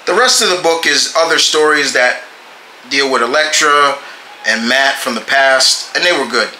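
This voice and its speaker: A man casually reviewing comic books, halting and often restarting his phrases. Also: medium pitch, sharp tone, roomy sound, a little hiss or hum, rough recording.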